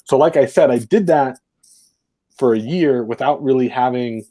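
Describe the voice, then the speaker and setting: A man's voice: medium pitch, normal speed, dark tone. A man co-hosting a podcast, reflectively recounting his football coaching days in a rambling, casual way full of fillers. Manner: rambling, reflective, heavy use of fillers like "like" and "right". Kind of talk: casual storytelling conversation.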